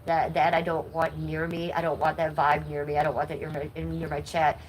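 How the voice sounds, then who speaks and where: A woman's voice: deep voice, monotone, brisk, slight background noise, rough recording. A middle-aged woman with a nasal voice, talking bluntly and indignantly to her chat on a live stream. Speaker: livestreamer.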